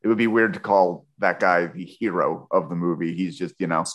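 Rambling, joking man with a low voice. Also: fairly quick, fairly bright tone, lo-fi sound. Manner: rambling, jokey, swears casually. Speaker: podcast host. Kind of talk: casual book-club chat.

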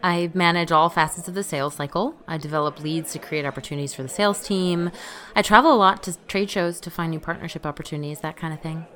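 A woman's voice: lowish voice, steady tone, fast, a bit bright, natural voice. An actress in a comedy audio drama playing a self-important, curt businesswoman.

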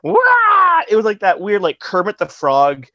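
A man's voice: sits high, moderate pace, no echo, lo-fi sound. A man, a guest musician, telling a rambling funny story in casual talk, swearing and laughing often.

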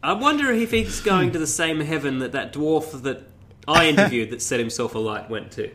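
A man co-hosting a comedy podcast, his voice sitting a little high and swinging widely in pitch. He trades wry, deadpan quips. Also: normal speed. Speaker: podcast co-host. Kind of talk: casual comedy podcast chat.

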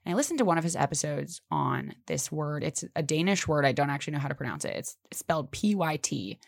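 A woman's voice: fast talker, creaky, no echo, studio quality. A young woman hosting a casual motivational podcast, talking emphatically and swearing casually. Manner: emphatic, swears casually, animated pitch jumps. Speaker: podcast host.

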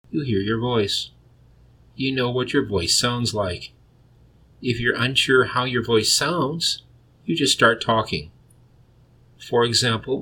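A man hosting a solo podcast, reading a script in a plain, measured way with a deep voice. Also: sharp tone, breathy edge. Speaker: podcast host.

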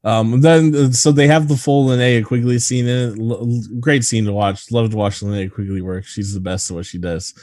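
A man's voice: medium pitch, fairly even intonation, moderate pace, few pauses, a little mellow, no echo. Man, podcast co-host, casual movie banter, crude jokes, dry close sound. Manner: crude, jokey, laughs often.

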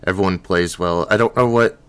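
Male co-host, deep and resonant, easygoing, pauses with ums. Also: clear, resonant tone. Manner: relaxed, hesitant with ums. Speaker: podcast co-host. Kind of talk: casual film discussion.

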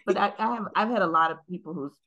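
A woman's voice: medium pitch, fast talker, sharp tone, muffled recording. A middle-aged woman co-hosting a podcast, speaking in an earnest, reflective way. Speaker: podcast co-host. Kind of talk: casual chat.

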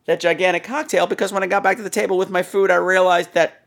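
A man hosting a podcast, telling a story in a theatrical, animated way, full of crude jokes and acted-out voices. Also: fast, vocal fry. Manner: acts out quoted people in higher voices. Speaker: podcast host. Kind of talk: casual storytelling.

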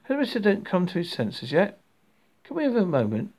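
A man voicing a nervous, flustered middle-aged male council official in a high, fussy voice. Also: big pitch swings, brisk, a little mellow, breathy edge, full character voice. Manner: high, anxious and fussy, pitched well above the narration.

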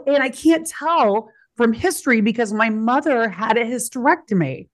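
A woman's voice: fairly high pitch, lively intonation, normal speed, no echo, clean studio sound. A woman co-hosting a podcast, telling stories frankly and animatedly, laughing often. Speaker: podcast co-host. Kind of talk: casual chat.

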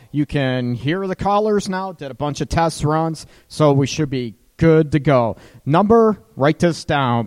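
A man's voice: on the high side, a little mellow, long reverb tail. A man hosting a relationship radio talk show as a counselor, chatting casually and breaking into laughs mid-sentence.

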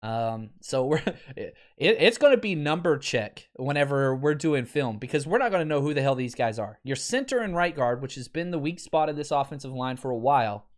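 A man in his thirties hosting a casual sports podcast, wry and exasperated, laughing often as he talks. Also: a little high. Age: 30s.

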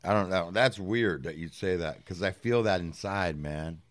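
A man's voice: sits low, moderate pace, no echo. A man talking as a guest in casual chat, blunt and laid-back, with salty language. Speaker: podcast guest.

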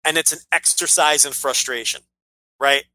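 Male podcast co-host, bright tone, dry close sound, blunt rambling talker. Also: a little high, steady tone, normal speed, no echo, poor audio. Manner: rambling, blunt, swears freely. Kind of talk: casual wrestling podcast chat.

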